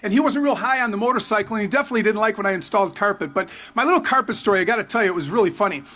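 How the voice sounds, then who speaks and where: A man in his fifties speaks at a podium at a stadium memorial, his voice pitched notably high. He tells his story with animated excitement, jumping into the voices of the people he quotes, then stumbling and restarting as he goes. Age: 50s. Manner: halting, restarts often. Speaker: former player giving a tribute. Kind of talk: storytelling memorial tribute speech.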